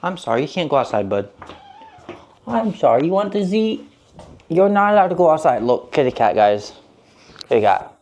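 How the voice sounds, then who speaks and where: A man's voice: a little high, big pitch swings, moderate pace, pauses often, darkish tone. A man hosting a casual cooking live stream from his home kitchen, rambling as he peels and chats with viewers. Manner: rambling, chatty, talks to chat and a cat.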